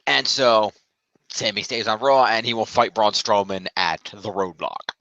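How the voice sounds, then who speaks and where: A man hosting a casual podcast, recapping wrestling and tallying fantasy points out loud in a laid-back way. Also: on the low side, measured pace, no echo, lo-fi sound. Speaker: podcast host.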